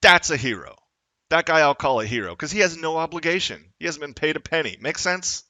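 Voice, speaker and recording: A man rants at the camera in a confrontational, profane vlog, his voice tense and forceful, and he often climbs into shouting. The sound is close and completely dry, with no room echo at all. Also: a little high, animated, brisk. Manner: angry, profane, rising to shouts. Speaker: vlogger. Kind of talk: confrontational political rant.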